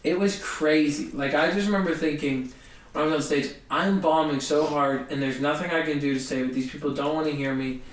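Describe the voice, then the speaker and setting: Young guy comic telling a wild story, high-ish voice, roomy echo, bit far from the mic, faint hiss. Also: a little fast. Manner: animated, acts out other people's voices. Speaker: guest comedian. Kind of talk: casual storytelling.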